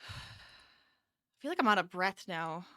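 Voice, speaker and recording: A woman's voice: fairly low pitch, very animated, unhurried, sharp tone, no echo, clean studio sound. A tired woman chatting casually with her viewers during a live crochet stream from her home office, laughing often and reading chat aloud.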